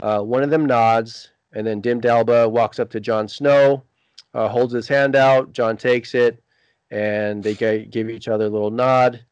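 A man of middle pitch recapping a TV episode and reading its scenes out plainly. He fills the gaps with a steady stream of fillers. The sound is slightly dull and dead dry. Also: a little slow, clean tone, dry recording. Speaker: podcast co-host.

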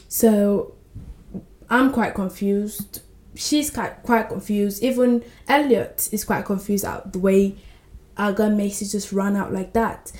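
A woman hosting a book podcast, retelling scenes with lively character voices in casual chat. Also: mid-range voice, echoey room.

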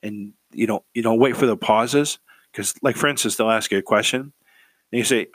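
A man's voice: fairly low pitch, moderate pace, a bit bright, no echo. A man giving casual career advice in a rambling way, repeating words and checking in with "right?".

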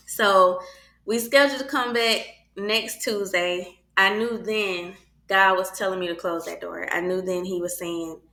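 A middle-aged woman casually telling a personal faith story, animated and acting out the voices of the people in it. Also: medium pitch, unhurried, reverberant. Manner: animated, acts out quoted voices.

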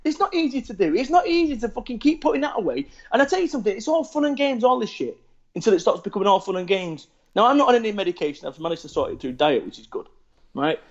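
A man in his 40s, appearing as a podcast guest, chats casually and bluntly, swearing freely while animatedly telling stories about himself. His voice sits high and he talks quickly, though the audio is dull.

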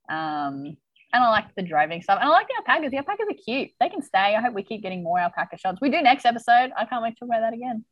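A woman's voice: mid-range voice, dry recording, highs cut off. A woman hosting a podcast, recapping a TV episode in casual chat and acting out the characters' lines. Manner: chatty, animated retelling with voiced quotes. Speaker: podcast host.

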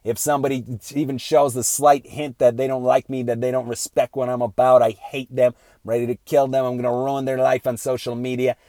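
A man's voice: mid-range voice, little pitch movement, warm tone. An earnest man speaks in a middle-range voice, delivering an unscripted moral lecture. He fires off rhetorical questions and keeps asking "right?", stumbling through restarts and ums along the way. The sound is dry and close, with no room echo. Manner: halting restarts with many fillers. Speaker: speaker giving a moral talk.

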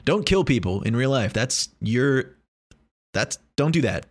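A man's voice: medium pitch, expressive, a little slow, dry recording. A young man talking in a casual, rambling monologue, joking and swearing freely.

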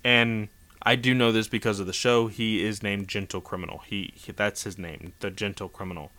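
A man's voice: lowish voice, fairly even intonation, moderate pace, bright, forceful tone. A man casually recapping a comic chapter in a rambling way, with many fillers and restarts. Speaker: manga chapter reviewer.

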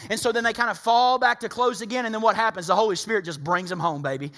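A man preaching a sermon, emphatic and animated, acting out people's voices. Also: high voice, fast talker, hardly any pauses.

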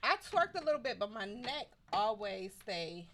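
A woman's voice: medium pitch, big pitch swings, normal speed, a bit bright. A woman co-hosting a live radio show in casual, playful banter, giggling and stretching her phrases. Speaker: radio co-host. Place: radio studio.

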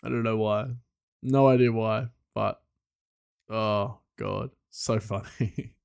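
Rambling man with a low voice. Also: steady tone, slow, creaky, a little mellow, clear, resonant tone. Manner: rambling, chuckling, loose. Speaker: podcast host. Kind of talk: casual solo podcast chat.

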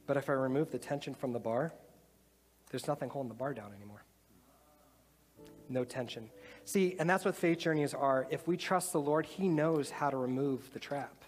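A man giving a casual, animated sermon, talking conversationally and acting out little voices as he explains. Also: fairly high pitch, a little fast. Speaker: preacher. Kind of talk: sermon with demonstration. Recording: long hall reverb, faint music.

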